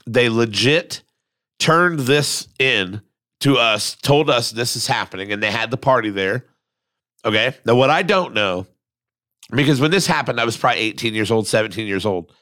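A man's voice: medium pitch, expressive, moderate pace, a bit bright, dry recording, clean studio sound. A man hosting a podcast in casual, crude, joking chat, reading listener messages aloud. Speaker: podcast host.

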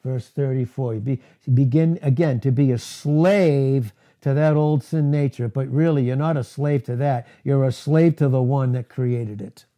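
A man preaching a sermon, deliberate and emphatic, repeating key words for stress. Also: mid-range voice, steady tone, dark tone.

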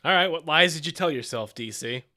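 Male co-host, bright and somewhat high-pitched, playful and teasing. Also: expressive. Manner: teasing, quick to laugh. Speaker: podcast co-host. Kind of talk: casual chat.

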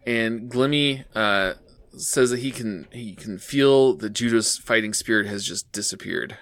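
A man narrating episode events for a podcast in a steady, unhurried retelling, pausing on "uh" and "um". His voice is bright and sharp. It sounds dry, with no room echo. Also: fairly low pitch. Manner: steady plot retelling with "uh" and "um" fillers. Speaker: podcast co-host. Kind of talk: casual anime recap narration.

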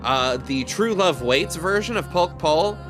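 A man's voice: fairly high pitch, animated, measured pace, music in the background. A man co-hosting a podcast, rambling casually and admitting he knows little. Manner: rambling, self-deprecating, easily amazed. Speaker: podcast co-host. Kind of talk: casual chat while watching a game.

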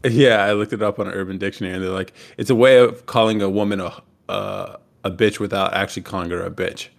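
A man with a deep voice, hosting a casual podcast chat and joking as he talks. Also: steady tone, fast talker, gravelly. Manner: joking, puts on voices while telling stories. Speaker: podcast host.

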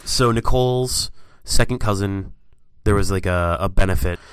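A man co-hosting a casual chat, telling animated, profane stories. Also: low-pitched, normal speed, clear, resonant tone, no room sound. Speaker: podcast co-host.

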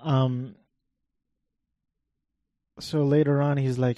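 A man giving rambling, wry gameplay commentary in a flat, monotone voice, swearing offhandedly as he talks. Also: mid-range voice, unhurried, no echo, lo-fi sound.

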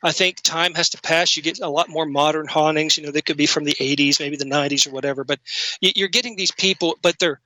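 Guy on a podcast call, high bright voice, rambly and jokey. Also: fairly even intonation, quick pace, no room sound, low-quality recording. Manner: rambling, acts out silly ghost voices. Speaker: podcast co-host. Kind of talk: casual comedic chat.

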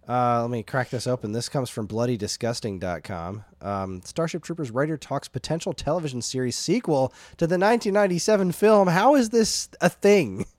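A man hosting a casual podcast chat, reading out news headlines with frequent "uh" fillers in a relaxed way. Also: mid-range voice, a little fast, few pauses, no room sound.

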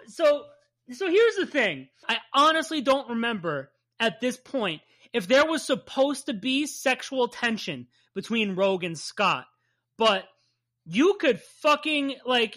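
With an extremely high-pitched, sharp voice, this Jersey-accented podcast co-host from New Jersey rambles through a casual recap show. He swears freely and keeps laughing along.

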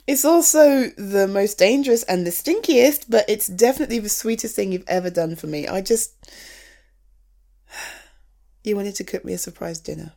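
A woman's voice: mid-range voice, expressive, unhurried, vocal fry, pauses often, warm tone. A young woman playing an affectionate girlfriend in a scripted audio role-play, laughing often, swearing freely and teasing her partner before turning tender. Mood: tender, forgiving. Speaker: girlfriend coming home.

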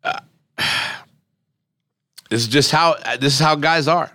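A male podcast host in casual, animated chat, blunt and quick to swear. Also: on the high side, dry recording, studio quality.

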